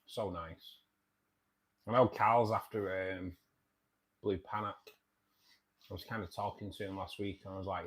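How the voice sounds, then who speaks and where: A man's voice: low-pitched, fairly even intonation, normal speed, long pauses, a bit bright. A man hosting a casual livestream, reading viewer comments and chatting in a jokey way, often repeating himself.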